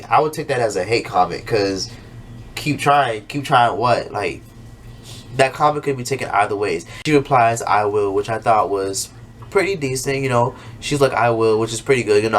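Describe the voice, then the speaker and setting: A man's voice: mid-range voice, a bit bright, slight background noise. A man talking casually as a YouTuber, recapping a TV episode with plenty of swearing and jumping into exaggerated voices for the characters. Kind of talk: casual, profane recap monologue.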